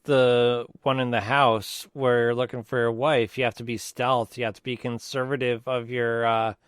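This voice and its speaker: A man's voice: medium pitch, level tone, moderate pace, smooth, dry recording, studio quality. A man co-hosting a podcast, chatting casually and in an easygoing way about video games. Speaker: podcast co-host. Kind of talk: casual gaming chat.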